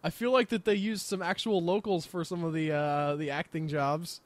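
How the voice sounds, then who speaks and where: A man's voice: on the high side, fairly even intonation, normal speed. A man co-hosting a podcast in casual chat, enthusiastic and rambling with lots of fillers. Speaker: podcast co-host.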